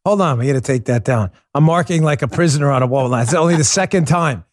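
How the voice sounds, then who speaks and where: A man hosting a political talk show, animated and joking, acting out quotes in a loud high voice. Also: fast. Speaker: podcast host.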